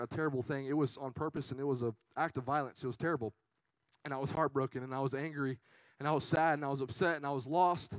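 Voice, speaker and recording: This young man's sermon comes across as earnest, emotional, and conversational, full of fillers. His voice sits fairly high, and the low-quality recording is dry with no room sound. Faint guitar music can be heard in the background.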